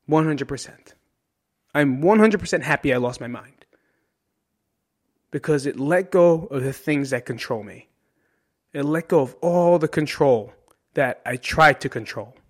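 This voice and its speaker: A man from New Jersey hosting a podcast in a solo monologue, candid and emotional, swearing freely and ending his points with "right?". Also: medium pitch. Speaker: podcast host.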